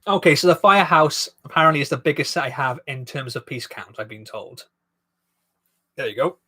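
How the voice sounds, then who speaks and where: Chatty man with a bright voice. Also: a little high, expressive, brisk. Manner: chatty, rambling and self-deprecating, reads viewer comments aloud. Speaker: live-stream host building a toy set. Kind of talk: casual live-stream chat.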